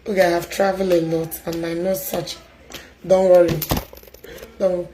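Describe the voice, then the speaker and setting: A Nigerian woman with an Igbo accent chatting loudly and emphatically as a stream host, mixing English and Igbo. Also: lowish voice, poor audio. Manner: loud, emphatic talker.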